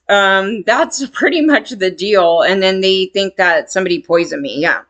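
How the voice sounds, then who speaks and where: A woman's voice: medium pitch, lively intonation, moderate pace, hardly any pauses, fairly bright tone. A woman telling a candid personal story in a rambling, emphatic way, swearing freely.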